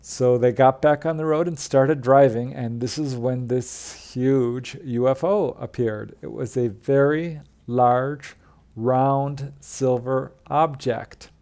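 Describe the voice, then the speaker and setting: Male narrator, mid-pitched, conversational true-story telling with occasional fillers. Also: fairly even intonation, takes it slowly, warm tone. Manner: plain retelling with fillers, quoting witnesses in his own voice. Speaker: narrator of UFO encounter stories.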